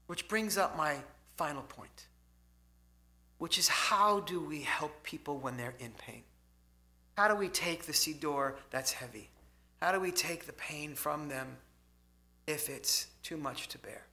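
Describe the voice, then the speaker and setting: A man giving an inspirational talk to a congregation in a synagogue hall, swinging between loud emphasis and hushed softness. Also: fairly high pitch, unhurried. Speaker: motivational speaker.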